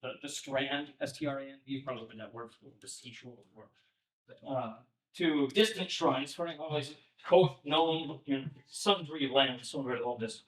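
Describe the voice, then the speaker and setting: A man's voice: mid-range voice, moderate pace, a bit bright. Chatty male teacher in an echoey room. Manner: chatty, many fillers and "right?" checks; reads old verse aloud in a lifted, sing-song voice. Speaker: pastor teaching a poetry class. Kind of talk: informal lecture. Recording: echoey room, mic at a distance.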